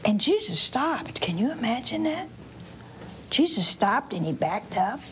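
Woman preacher, higher voice, very expressive pitch, asks the crowd questions, whispers asides, faint hum of room behind. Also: a little slow. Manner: animated, quizzing the audience with questions. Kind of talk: sermon to children and families.

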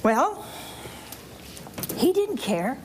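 A woman's voice: sits high, drawn-out words, background noise. A woman preacher, telling a Bible story in church and asking the listeners questions. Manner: animated, asks the audience questions, acts out voices. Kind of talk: storytelling sermon to children and families.

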